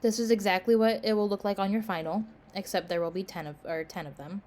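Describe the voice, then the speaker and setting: Talking fast in a medium-pitched, darkish voice with fairly even intonation, a woman instructor makes casual course announcements. She's tired and yawning, and her speech is loaded with "um" and "like."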